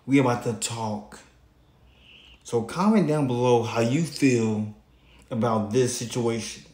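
A man commenting on a post at a deliberately slow, unhurried pace, stretching his words and stopping often between phrases. His voice sits at an ordinary pitch for a man. The sound bounces around a roomy, echoey space. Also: a little mellow. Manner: slow, drawn-out, pausing often. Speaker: channel host. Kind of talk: reaction commentary.

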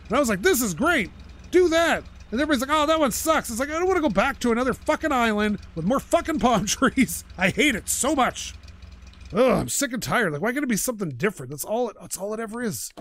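A man's voice: high voice, a little hiss or hum. A man hosting his own gaming channel, chatting and ranting in an opinionated way while he plays. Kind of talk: casual gameplay commentary.

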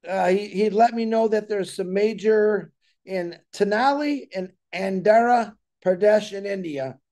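A man's voice: high voice, mellow. A man hosting an online show, talking casually and earnestly in a rambling way, often repeating himself. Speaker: show host. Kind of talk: casual talk-show monologue.

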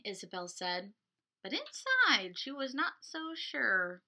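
A woman, a children's librarian, leading a storytime, animated and encouraging as she talks to children. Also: high-pitched, takes it slowly. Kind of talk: storytime reading for kids.

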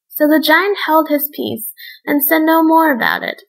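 A woman reading a fairy tale aloud as a bedtime story, in a measured storybook manner. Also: high-pitched, vocal fry, poor audio.

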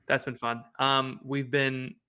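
A young man co-hosts a podcast in relaxed casual chat. His voice is bright and mid-pitched, and his sentences often trail off softly. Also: takes it slowly, smooth. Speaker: podcast co-host.

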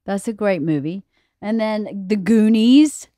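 A woman's voice: medium pitch, unhurried, mellow, no room sound, clean studio sound. A middle-aged woman hosting a podcast, chatting casually with family, laughing often and asking questions. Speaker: podcast host. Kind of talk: casual chat.

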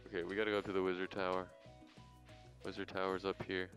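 A tired male streamer with a fairly low voice talks in a joking, rambling way while guiding his friend through a farming game. He often defends himself with a laugh in his tone. Faint game music runs behind him. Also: completely flat delivery, fast talker, fairly bright tone. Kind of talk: casual gaming chat.

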